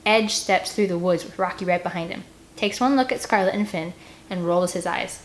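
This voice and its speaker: A woman reading a children's novel aloud in first person, gentle and expressive. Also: on the low side, normal speed, slight background noise. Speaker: audiobook reader. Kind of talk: first-person storybook narration.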